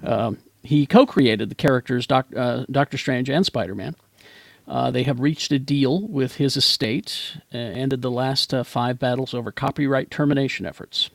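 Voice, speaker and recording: A man's voice: mid-range voice, normal speed, vocal fry, dry recording. A man hosting a casual pop-culture chat show, talking in a rambling, chatty way with plenty of fillers. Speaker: podcast host.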